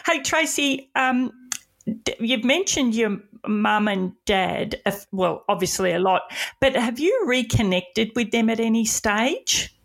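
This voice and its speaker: A woman's voice: fairly high pitch, expressive, unhurried, creaky. A woman hosting an interview, asking questions in an encouraging way. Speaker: host.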